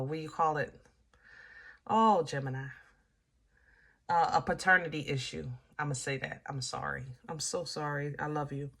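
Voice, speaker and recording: A woman doing a casual tarot reading, talking straight to her viewers in a bright, forceful voice. She is chatty and emphatic, full of fillers and asides, and swings from loud to hushed. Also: deep voice. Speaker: tarot reader.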